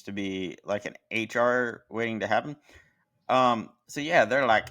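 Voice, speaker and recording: Bright-voiced man riffing on an old movie. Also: lowish voice, normal speed. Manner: jokey, mocking mock-British impressions. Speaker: podcast co-host. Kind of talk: casual movie review chat.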